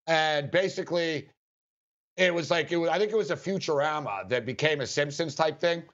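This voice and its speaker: A man's voice: a little high, moderate pace, a bit bright. A man hosting a sports betting talk show, telling a rambling story between laughs. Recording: dull lo-fi sound.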